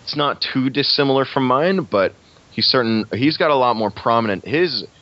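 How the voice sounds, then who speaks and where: A man's voice: mid-range voice, expressive, normal speed. A young man chatting casually on a podcast about playing a role, rambling with many restarts. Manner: rambling, frequent restarts and laughs. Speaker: guest actor. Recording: lo-fi muffled recording.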